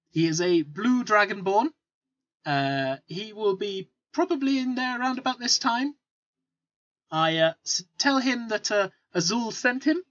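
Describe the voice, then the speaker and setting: Guy doing a slick lil merchant dude, talks up his wares, bit higher voice, dull lo-fi mic. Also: a bit bright. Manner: salesman patter, full of fillers. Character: smooth male merchant, eager to please. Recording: dull lo-fi recording with faint music.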